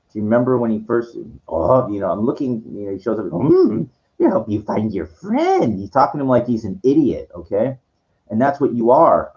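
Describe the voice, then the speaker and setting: Condescending man ranting, lo-fi sound. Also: lowish voice. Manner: condescending, lecturing, stumbling restarts. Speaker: vlogger answering viewer comments. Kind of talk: ranting monologue to camera. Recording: dull lo-fi sound.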